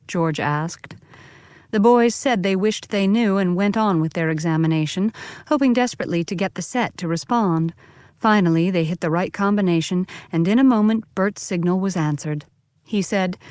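Smooth-voiced female audiobook narrator. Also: on the low side, normal speed, a little mellow, no room sound, studio quality. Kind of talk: scripted narration of a children's mystery.

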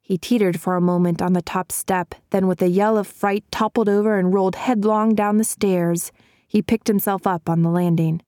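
A woman narrating a story in a measured, clear manner. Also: mid-range voice, fairly even intonation, warm tone, no echo, clean studio sound. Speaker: audiobook narrator. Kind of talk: scripted narration.

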